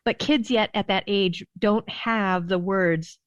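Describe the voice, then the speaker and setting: Woman, pediatrician guest on a podcast, animated storyteller who laughs easily and fills with "you know"; muffled, dry lo-fi audio. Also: medium pitch, takes it slowly, no echo. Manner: lively storyteller, laughs often, many "you know" fillers. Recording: dull, dry lo-fi sound.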